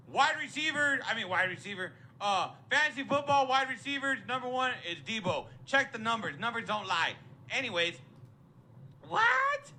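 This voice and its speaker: A man's voice: extremely high pitch, sharp tone, a little hiss or hum. A man ranting in a recorded fan message, exasperated and repeating himself. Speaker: listener sending voice messages.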